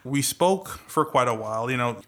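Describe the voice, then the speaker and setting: A young man from Trinidad and Tobago speaks with an American accent, at a medium pitch. He co-hosts a casual podcast and tells his story in a wry, self-deprecating way. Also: expressive, normal speed, pushed and bright. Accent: American, Trinidadian roots. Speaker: podcast co-host. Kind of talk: casual chat.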